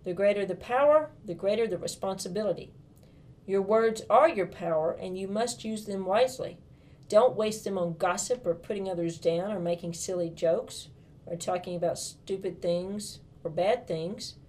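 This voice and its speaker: A woman voicing a kind, solemn young king who is a big brother, speaking in a gentle, earnest, preaching manner in a storybook reading. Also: medium pitch, normal speed, lightly acted.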